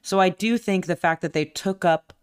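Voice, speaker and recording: Low-voiced teasing woman podcast co-host. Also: moderate pace, clear, resonant tone. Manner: teasing, joking, animated storyteller. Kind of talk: casual chat.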